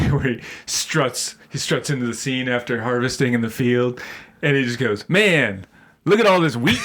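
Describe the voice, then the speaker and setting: A man co-hosts a comedy podcast, reviewing a film in a loose, rambling way. He laughs often and trails off while hunting for the right quote. His voice sits in a middle pitch. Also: fairly bright tone. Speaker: podcast co-host. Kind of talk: casual comedic movie review chat.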